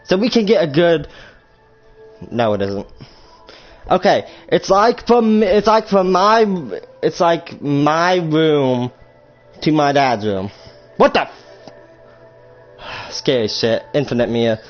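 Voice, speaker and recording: A man's voice: a little high, lively intonation, takes it slowly, pauses often. A teenage boy telling a storytime vlog story in a rambling, crude way, often stopping to correct himself. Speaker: storytime vlogger. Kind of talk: casual storytelling. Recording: slightly muffled lo-fi audio with faint music.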